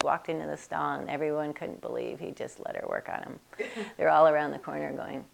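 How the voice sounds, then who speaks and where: A woman who does equine bodywork and teaches students tells casual anecdotal stories in a chatty way, laughing often and acting out other people's voices in quotes. Her voice is low-pitched and creaky with a steady tone, and she speaks fairly quickly. There's a little hiss or hum in the recording.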